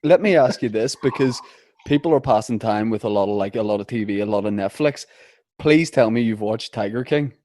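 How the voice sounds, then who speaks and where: A man's voice: lowish voice, fairly quick, a little mellow, dry recording. Teasing podcast host man, dry sound. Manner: joking, teasing questions. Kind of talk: casual chat.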